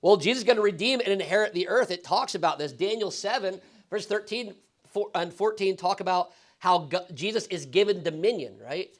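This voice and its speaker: High-voiced pastor teaching casually. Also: male voice, brisk. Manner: casual, asks the class questions, frequent "right?". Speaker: pastor teaching Bible study. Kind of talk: conversational Bible teaching. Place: church classroom.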